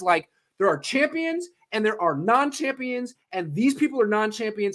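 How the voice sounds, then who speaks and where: Man, sports talk rant, fairly high pitch, emphatic, worked up. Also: expressive, a little fast, hardly any pauses, fairly bright tone. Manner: ranting, emphatic, swears, pitch jumps when worked up. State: excited. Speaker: podcast co-host.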